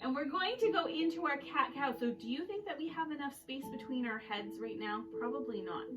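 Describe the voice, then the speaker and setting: A woman's voice: high-pitched, animated, fairly quick, muffled recording. A woman leading a kids yoga class, playful and encouraging, counting poses and making animal sounds. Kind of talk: guiding a children's yoga class. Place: yoga room. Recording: distant mic with loud music behind.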